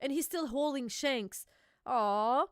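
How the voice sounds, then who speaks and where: A woman hosting a casual reaction chat, excitable, swearing freely and laughing often. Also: high-pitched, slow pace, dry recording, studio quality. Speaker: host.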